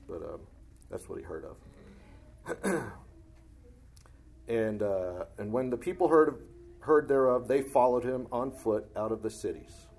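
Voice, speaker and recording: Husky, mellow-voiced man as Bible teacher; reads verses then explains them, clears his throat often. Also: on the low side. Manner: reads verses aloud, then comments plainly. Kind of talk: reading scripture and explaining it.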